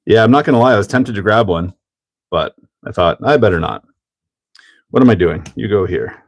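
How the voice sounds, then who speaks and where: A man's voice: lowish voice, lively intonation, a little fast. A man hosting a casual hobby livestream, chatting and laughing while he builds a model car and greets viewers by name. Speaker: livestream host.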